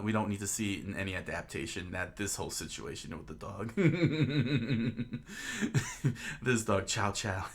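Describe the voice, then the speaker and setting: A man giving casual commentary as a comic reviewer, talking in a halting way with many ums and restarts. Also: lowish voice, a bit bright.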